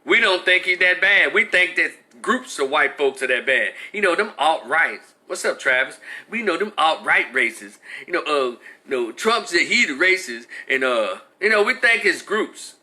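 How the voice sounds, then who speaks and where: A man hosts a live stream, talking straight to his viewers in a loose, ranting way. His voice is bright and sharp and sits a little high. He restarts his sentences often as he talks. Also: moderate pace, hardly any pauses. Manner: animated, ranting, frequent restarts. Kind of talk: casual commentary to live chat.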